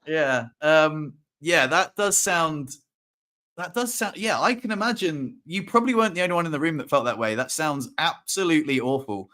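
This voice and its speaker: Young male host, relaxed chat, teasing humor, slightly higher pitch. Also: brisk, few pauses. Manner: playful, mock-outraged teasing. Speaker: podcast host. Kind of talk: casual chat.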